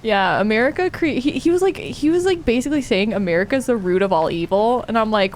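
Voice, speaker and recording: A fast-talking woman with a Valley Girl accent from California chats while gaming on her stream, barely pausing. Her voice is a little high with lively intonation, and she laughs often, peppering everything with "like" and "oh my God".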